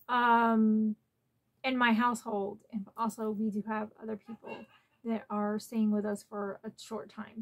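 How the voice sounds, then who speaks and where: A woman's voice: on the high side, a little mellow. A woman hosting a casual unboxing vlog at home, chatty and openly emotional, close to tears at times. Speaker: collector channel host.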